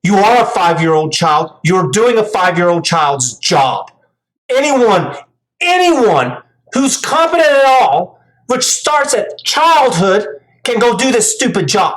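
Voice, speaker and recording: A woman's voice: medium pitch, very animated, slow pace, rough recording. A woman commentator giving angry reaction commentary, ranting, profane and scolding.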